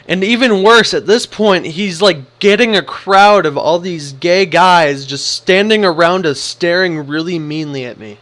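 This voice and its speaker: A young man vlogging a casual story, animated and acting out what people said. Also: sits high, normal speed, few pauses. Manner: animated, acts out the quotes.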